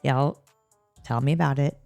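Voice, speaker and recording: A woman's voice: extremely low pitch, normal speed, gravelly, darkish tone, no echo, soft background music. A woman hosting a podcast in casual chat, teasing her guest with bawdy jokes and ending with a chatty sign-off. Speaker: podcast host.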